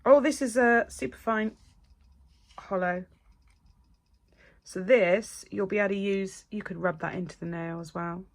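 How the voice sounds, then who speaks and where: A middle-aged woman, chatting casually as a nail technician. She gushes and gets excited, and sometimes drops to a breathy whisper. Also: mid-range voice, unhurried, pauses often. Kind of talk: casual unboxing chat.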